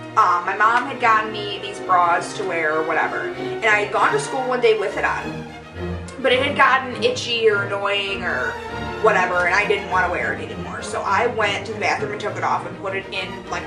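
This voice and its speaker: A woman's voice: mid-range voice, echoey room, recorded from a distance, low-quality recording. A young woman vlogger telling embarrassing stories in a rambling, profane, self-mocking way. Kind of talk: casual storytelling vlog.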